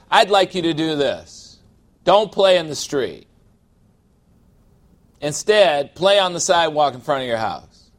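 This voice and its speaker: Man, pastor, sermon, conversational preaching, slightly higher voice, asks for amens.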